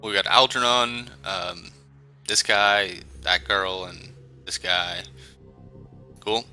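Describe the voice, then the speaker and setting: A man's voice: lowish voice, slow, pushed and bright. A man giving casual, chatty gameplay commentary with self-deprecating asides. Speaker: gameplay streamer. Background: faint game music.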